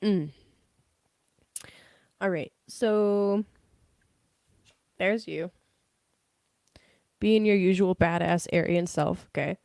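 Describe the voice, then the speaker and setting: A young woman talks through a casual live tarot reading in a low, relaxed voice. She is chatty, laughs often and swears freely. Her voice sounds dry and close, with no room echo. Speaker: tarot reader.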